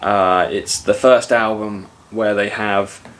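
A man's voice: lowish voice, fairly even intonation, slow pace, fairly bright tone. A man co-hosting a casual chat vlog, talking with frequent fillers and restarts. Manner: hesitant, many fillers and restarts. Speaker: vlog co-host.

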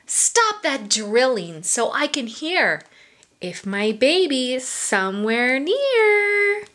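A woman reads a picture book to small children, taking her time over every line. Her fairly high voice rises and falls widely in a sing-song way. She often turns to the listeners with questions and hushed whispered asides. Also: big pitch swings, slow pace. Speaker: children's story time reader. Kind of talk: reading a picture book aloud to young children.

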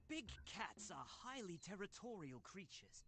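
A woman's voice: mid-range voice, sing-song, a little slow, over music. A woman voicing a stern, commanding cat figure in a video game, urging the player to fight.

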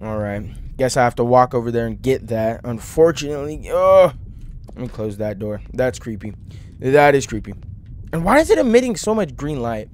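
Playing a horror game for his channel, a jumpy young host addresses his viewers and lets out yelps whenever something startles him. He speaks at normal speed in a medium-pitched, expressive voice with a darkish tone.

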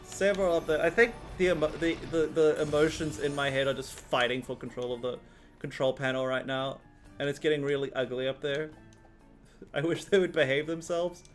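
Man, let's play commentary, excitable, rambling, swears a lot, slightly high voice, faint game music. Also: normal speed. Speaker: gaming video host.

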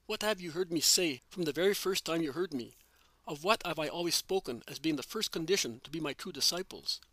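A man reading as a calm, patient spiritual teacher. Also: on the high side, brisk, no echo, poor audio. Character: calm, gentle adult male teacher and healer.

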